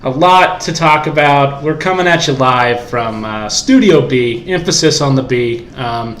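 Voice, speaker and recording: A young man co-hosts a casual podcast from a room in his house, speaking at a moderate pace in a mid-range, slightly bright voice. He rambles with many fillers and restarts, and the cheap USB mic picks up an echoey room and faint hiss.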